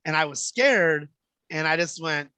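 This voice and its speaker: A man spinning stories in a loose, profane podcast chat, jumping into little voices for the people in them. His tone is bright and forward, a bit higher than most men. The sound is dry and close with no room around it. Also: measured pace, smooth, dry recording. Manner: animated storyteller, acts out quoted voices, swears freely. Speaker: podcast guest. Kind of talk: casual storytelling chat.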